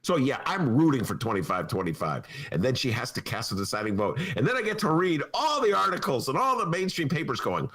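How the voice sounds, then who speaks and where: Male studio host, mocking and sarcastic; very animated, sweeping intonation. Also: sits high, a little fast, hardly any pauses. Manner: sarcastic, mocking, does voices of politicians. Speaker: podcast host. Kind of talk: opinionated political talk. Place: radio studio.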